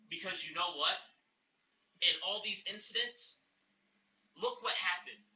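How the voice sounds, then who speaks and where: A young man vlogging from home in a slightly high voice, earnest and plain-spoken, leaning on "you know" as he works through his thoughts. The sound is roomy and a bit dull, with a faint hiss behind him. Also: unhurried, long pauses. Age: young adult. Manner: earnest, conversational, full of "you know" asides. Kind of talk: casual personal commentary to camera. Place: indoors at home, TV audible.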